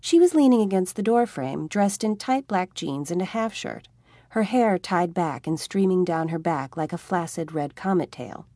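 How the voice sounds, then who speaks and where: A woman narrating an audiobook with an expressive, wry comic reading. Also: fairly low pitch, moderate pace, no room sound. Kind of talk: scripted narration.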